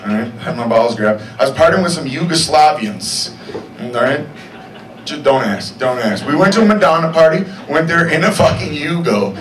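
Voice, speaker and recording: A young man performing a stand-up comedy set on a club stage, with deadpan asides and checks on the crowd. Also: a little high, moderate pace. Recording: echoey club sound from far off. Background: audience noise.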